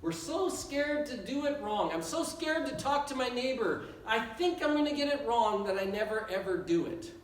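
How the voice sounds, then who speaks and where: High-voiced pastor preaching in an echoey hall. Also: male voice, expressive, moderate pace, hardly any pauses, slight background noise. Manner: earnest, repetitive preaching with rising appeals. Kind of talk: sermon. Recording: echoey church hall from far off.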